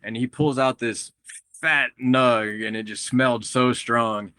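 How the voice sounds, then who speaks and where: A man from Texas, a guest on a podcast, telling stories in a lively, casual way, often laughing and acting out what others said. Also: mid-range voice, slow, clean tone, no room sound. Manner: animated, acts out quotes of others, laughs often. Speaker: guest grower and breeder.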